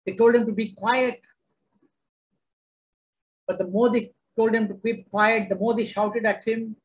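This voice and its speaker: A man's voice: high voice, little pitch movement, measured pace, low-quality recording. A man preaching a sermon, emphatic and repetitive, driving each point home.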